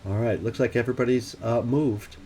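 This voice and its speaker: A man's voice: mid-range voice, steady tone, a little fast, dark tone, slight background noise. A man hosting a let's play, talking through his tactical moves aloud with wry, self-questioning asides. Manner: thinking aloud while planning moves. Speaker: gaming channel host.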